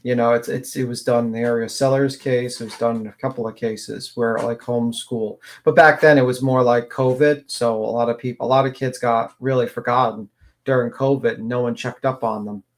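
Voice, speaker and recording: A man's voice: medium pitch, steady tone, brisk. A man co-hosting a casual true-crime chat, talking in a rambling way with many fillers. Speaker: co-host.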